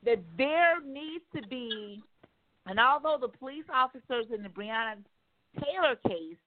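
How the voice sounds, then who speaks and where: A woman's voice: a little high, a little hiss or hum. Emphatic woman talk host on a tinny line. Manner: animated, emphatic, profane, acts out quotes. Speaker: radio talk show host. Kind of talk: casual opinion talk. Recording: tinny phone-like line, dry.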